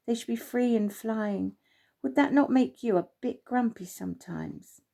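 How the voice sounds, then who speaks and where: A woman voicing a kind, wise old male oak tree who speaks warmly but firmly, in a storybook reading. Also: a little high, a little slow, gravelly. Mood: scolding. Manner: warm but firm.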